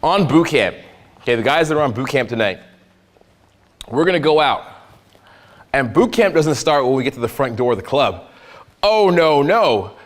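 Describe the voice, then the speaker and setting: A man teaching a live dating seminar, telling stories in an animated, profane way. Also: medium pitch, moderate pace, pauses often. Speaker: dating coach.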